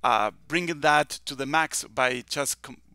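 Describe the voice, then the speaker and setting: A man hosting an interview, asking measured, polite questions over a video call. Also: medium pitch, bright, forceful tone, no room sound. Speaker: host.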